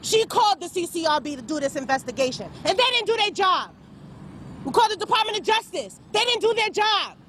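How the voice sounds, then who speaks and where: A woman's voice: extremely high pitch, sing-song, a little fast, a bit bright, slight background noise. A woman giving an angry, impassioned statement outdoors, insistent and repeating her demands. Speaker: protester speaking to press.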